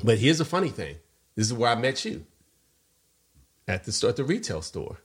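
A man's voice: mid-range voice, normal speed. A middle-aged man co-hosting a podcast, telling a personal story in a casual way and acting out the people in it. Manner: animated storyteller, acts out quoted voices. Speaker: podcast co-host.

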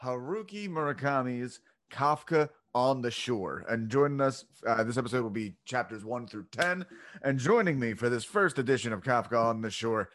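A man's voice: medium pitch, lively intonation, moderate pace, a bit bright. A man hosting a podcast in casual chat, loose, rambling and profane. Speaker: podcast host. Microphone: home podcast mic, separate channel.

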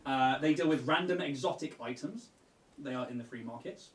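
A man's voice: medium pitch, moderate pace, roomy sound, far from the mic, a little hiss or hum. A man narrating a tabletop game as game master, chatty and casual with many fillers.

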